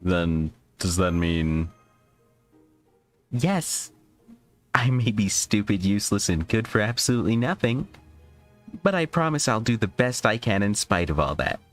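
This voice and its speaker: A man reads aloud as a fretful young heroine from a story game, and she swings up and down in a lively way. She talks herself down, apologizes, and gushes her thanks. Soft music plays faintly underneath. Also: lowish voice, a little slow, pauses often. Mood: earnest. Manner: fretful, self-deprecating, breathless gratitude. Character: gentle, anxious young woman heroic spirit. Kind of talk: reading visual novel dialogue aloud.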